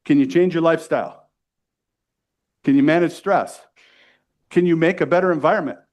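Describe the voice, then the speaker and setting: A middle-aged man from the United States is running a sales training in front of a live room. His voice sits a little high. He talks with pushy, energetic salesmanship and keeps checking in with his listeners. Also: normal speed.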